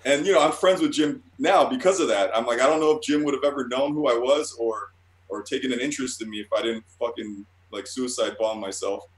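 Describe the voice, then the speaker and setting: A man in a casual interview who tells his stories in a rambling, profane rush, tripping over his own restarts. His voice sits at an ordinary middle pitch. The room around him has a roomy echo. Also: brisk. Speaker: guest artist.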